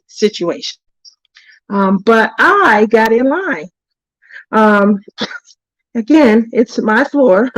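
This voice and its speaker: A woman with a slightly high voice tells a story from her workplace on her craft livestream. She is chatty and laughs often, and she breaks off to greet viewers by name. The sound is close and dry. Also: dry recording, rough recording. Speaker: craft channel host.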